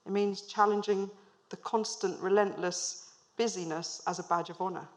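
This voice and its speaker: A woman's voice: mid-range voice, steady tone, normal speed. A woman in her thirties, a managing director, giving a storytelling business talk on stage to a live audience, asking them questions with light humor.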